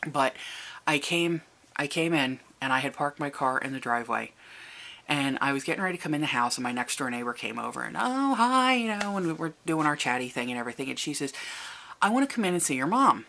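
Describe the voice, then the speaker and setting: A vlogger telling a personal family story to the camera, halting and restarting, and lifting the voice to act out quoted people. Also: medium pitch, animated, gravelly, pushed and bright. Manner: recounts events, raising the voice for quoted people.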